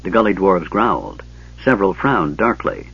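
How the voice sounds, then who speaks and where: A man reading a fantasy story aloud as a steady narrator. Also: sits low, moderate pace, vocal fry, slightly rough, dull audio. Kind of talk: scripted narration.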